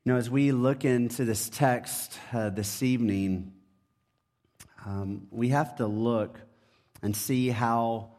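A man preaching a sermon, first reading scripture aloud, then speaking in a measured way with frequent pauses and fillers. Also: medium pitch, fairly even intonation, darkish tone. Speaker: pastor.

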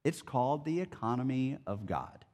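With a medium-pitched voice at a moderate pace, a pastor unpacks a Bible passage verse by verse. The sermon feels conversational and animated.

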